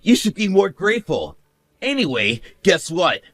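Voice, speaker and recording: A man's voice: sits high, huge pitch swings, moderate pace, dry recording, studio quality, full character voice. A man voicing a smug, cruel young husband who mocks his wife and laughs at her. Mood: gloating. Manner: sneering, mocking laughs, shouts. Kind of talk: animated story narration.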